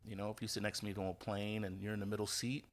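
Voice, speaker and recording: A man's voice: fairly low pitch, rapid-fire. A man from Indiana, a football coach, telling stories in a casual interview with lots of fillers, restarts and acted-out quotes. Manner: animated storyteller, acts out quoted voices, many fillers and restarts.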